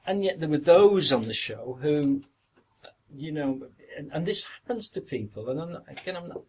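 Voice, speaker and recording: A man's voice: a little high, expressive, moderate pace, darkish tone, slightly rough. A middle-aged man with a Yorkshire accent, a guest actor reminiscing through long anecdotes in a casual podcast interview.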